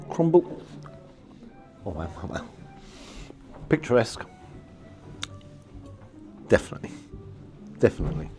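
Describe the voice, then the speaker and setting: A man reviewing a restaurant meal in a casual vlog, talking excitedly and repeating his exclamations. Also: fairly low pitch. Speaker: food vlogger. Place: restaurant, then outdoors in the street.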